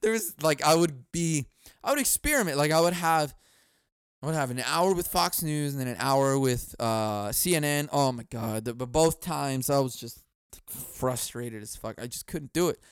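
High, smooth-voiced man ranting sarcastically, with lots of swearing, in a dry room. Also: normal speed, no echo. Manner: profane, sarcastic, animated, laughs at own jokes. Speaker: podcast host. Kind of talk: comedic rant.

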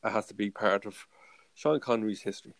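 A man's voice: lowish voice, fairly quick, gravelly. A man, co-hosting a podcast in an upbeat, casual chat. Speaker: podcast co-host. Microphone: remote call mic.

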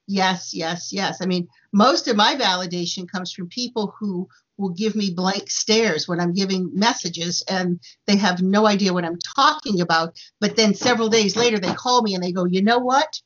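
A woman working as a psychic medium, telling stories in casual conversation, with halting starts and plenty of fillers. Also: medium pitch, lo-fi sound. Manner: halting starts, many fillers, animated retelling. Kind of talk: conversational storytelling.

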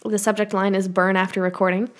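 A woman's voice: medium pitch, level tone, fast talker. A woman co-hosting a podcast in casual chat, reading listener emails aloud with wry, dry teasing. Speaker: podcast co-host reading fan mail.

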